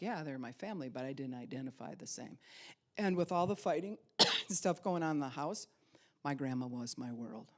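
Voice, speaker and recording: A middle-aged woman pastor delivering a sermon as a personal story. She is animated and acts out the voices she remembers as she tells it. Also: a bass voice.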